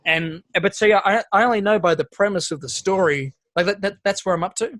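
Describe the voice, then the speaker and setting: A man's voice: high voice, brisk, fairly bright tone. A man co-hosting a casual podcast, telling stories animatedly and swearing freely. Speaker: podcast co-host. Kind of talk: casual chat.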